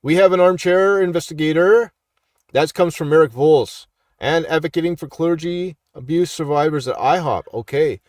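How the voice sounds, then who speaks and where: Speaking at a normal speed in a somewhat high voice, a preachy Canadian man is captured dry and close without echo. He is a street minister and YouTube commentator giving casual live commentary on online posts, stressing points with a repeated "all right?"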